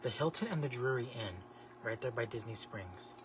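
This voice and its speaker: A man hosting a casual craft livestream, chatting to viewers in a sassy, expressive way with lots of exclamations. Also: medium pitch, normal speed, far from the mic. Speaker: livestream host making a craft basket. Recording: steady background noise.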